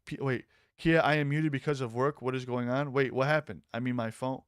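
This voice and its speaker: A man hosting a casual live-stream commentary, excitable and mocking, swearing freely. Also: mid-range voice, fairly quick, clean tone, no echo, studio quality.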